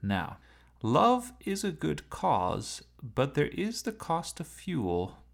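A haughty talking sports car, as a male narrator puts it on, lectures in a dry, wry tone. The voice sits higher than a plain telling and swings widely in pitch. A gravelly edge runs under it, like a storybook reading. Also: huge pitch swings, takes it slowly, heavily acted.

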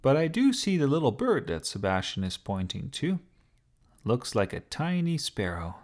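A man doing a dry, deadpan grown-up. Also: medium pitch, moderate pace, voice pushed up, lightly acted. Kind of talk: storybook character voice.

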